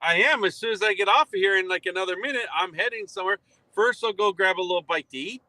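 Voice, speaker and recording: A man's voice: sits high, quick pace, bright, forceful tone, dry recording. A man calling in live as a contributor, giving laid-back, joking replies. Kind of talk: casual live chat.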